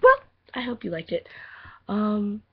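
A woman's voice: medium pitch, wildly swooping pitch, unhurried, slightly rough. A teenage girl rambling in a giggly, self-deprecating way as she introduces her voice audition, recorded on a muffled lo-fi home mic. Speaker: voice acting auditioner. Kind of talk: casual audition vlog.

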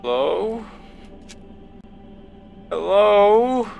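A man's voice: high voice, sing-song, very slow, vocal fry, darkish tone. A frightened young man playing a horror game and commenting, jumpy and swearing, with faint game music behind. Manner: jumpy, swearing, rambling and sing-song. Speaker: gaming video host. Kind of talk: let's play commentary.

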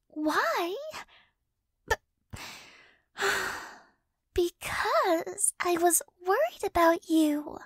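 A woman with a very high voice performs a whispered role-play, speaking slowly and softly right up against the microphone. She sounds flustered yet doting, stumbling over her words and sighing often. The sound is dry and close, with no room around it. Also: dry recording. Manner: soft, flustered, doting, with frequent stammers and sighs. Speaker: ASMR creator.

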